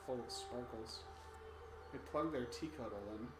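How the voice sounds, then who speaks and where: A man's voice: mid-range voice, normal speed, roomy sound, background noise. A man hosting a casual game playthrough, joking wryly, swearing and laughing with a co-host. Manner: wry, swears, laughs a lot. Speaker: gaming let's play host.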